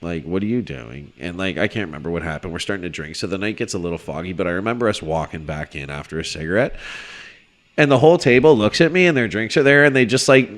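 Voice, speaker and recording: A low-voiced podcast co-host tells a wild story at a quick pace in casual conversation among friends, animated and swearing, and shouting whenever he quotes people.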